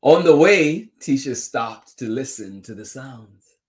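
A man's voice: medium pitch, lively intonation, slow, a little mellow. A man reading a children's picture book aloud, chuckling often and adding exclamations between pages. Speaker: children's story reader.

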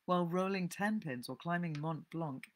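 A woman reading a classic novel aloud and commenting on it, in an expressive storytelling manner. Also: lowish voice, moderate pace. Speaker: book vlogger.

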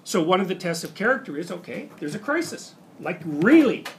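A man's voice: sits high, sing-song, fairly quick, slight background noise. A middle-aged man giving a university lecture, talking conversationally and acting out examples with quoted inner voices. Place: lecture hall.

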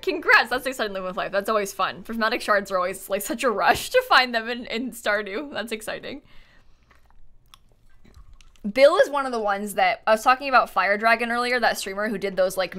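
A chatty young woman hosting a live stream, thanking her viewers one by one and laughing easily. Her voice is bright, clear and slightly high, with lots of relaxed fillers. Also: fast talker, few pauses. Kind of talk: casual live-stream chat.

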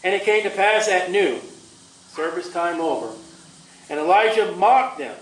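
A man preaching a sermon in a combative, sarcastic way, his delivery swinging from loud to soft. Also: high-pitched, lively intonation, unhurried. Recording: echoey room from far off.

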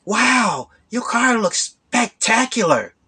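A man voicing an overly cheerful, smooth-talking male hustler in a told story, with an eager, gushing sales pitch. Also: big pitch swings, slow, sharp tone, full character voice.

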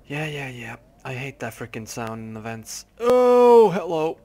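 A man's voice: medium pitch, steady tone, moderate pace, fairly bright tone, husky. A young man hosting a gaming channel, giving jumpy, nervous let's play commentary with lots of swearing.

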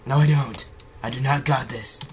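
A man's voice: medium pitch, fairly even intonation, moderate pace, noisy background. A man casually commentating while playing a game, joking, swearing and humming sound effects. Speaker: gamer. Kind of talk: casual let's-play commentary.

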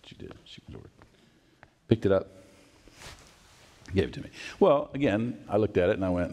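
A middle-aged pastor gives a sermon in a mellow, lowish voice, speaking a little quickly but leaving long pauses. He tells a family story as a storytelling preacher, acting out its voices and adding asides.

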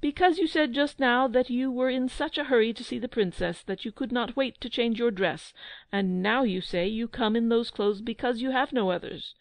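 A woman's voice: fairly high pitch, normal speed, no echo, lightly acted, rough recording. A woman voicing a haughty young prince who has lost his throne, mocking and proud in a storybook reading.

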